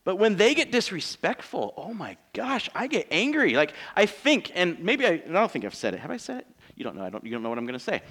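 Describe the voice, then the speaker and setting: A man's voice: sits high, wildly swooping pitch, fast, fairly bright tone. A man in his thirties, a pastor preaching a sermon in church in a conversational, joking way, asking his congregation rhetorical questions.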